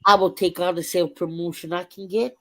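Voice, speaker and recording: A woman's voice: lowish voice, fairly even intonation, fairly quick, dry recording. A woman co-hosting a casual online panel chat. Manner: sings her own rude parody song. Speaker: show co-host and parody songwriter. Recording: loud music behind.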